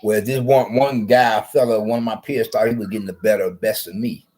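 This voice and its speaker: A man's voice: fairly low pitch, fairly even intonation, a little fast, darkish tone, rough recording. A man rambling through a solo social media broadcast, often repeating himself and restarting his sentences.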